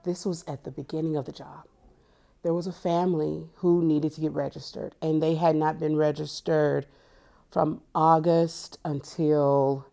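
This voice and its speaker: Low-voiced woman from Tennessee, carefully enunciated. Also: little pitch movement, a little slow, warm tone. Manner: careful, clearly enunciated speech. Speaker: school family and community liaison. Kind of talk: interview answers.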